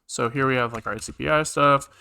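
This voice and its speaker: A man's voice: mid-range voice, steady tone, fast talker, vocal fry, bright, forceful tone, smooth. A man streaming live coding, rambling casually with lots of fillers and the odd swear as he thinks aloud. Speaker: programming streamer.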